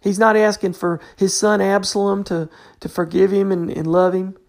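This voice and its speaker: A woman's voice: mid-range voice, level tone, normal speed, a little mellow. A woman giving an informal Bible study talk, conversational and full of restarts. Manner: conversational, fills with "you know", restarts often. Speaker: Bible teacher.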